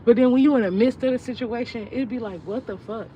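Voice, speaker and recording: A woman's voice: on the high side, quick pace. A young woman vlogging casually, venting in a rambling, profane, heartfelt way about her feelings. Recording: distant, muffled mic with street noise.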